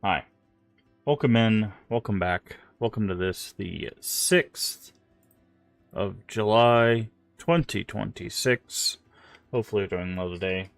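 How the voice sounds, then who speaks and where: A man's voice: fairly low pitch, slow, vocal fry, dry recording, faint music behind. Stuffy-nosed man chatting on stream. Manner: rambling, filler-heavy, apologetic. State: stuffy nose from allergies. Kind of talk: casual gameplay stream chat.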